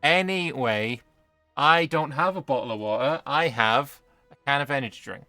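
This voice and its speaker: A man's voice: medium pitch, moderate pace, sharp tone, no echo, soft background music. A British man streaming a strategy game, bantering with chat and swearing casually. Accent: British English. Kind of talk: gaming livestream commentary.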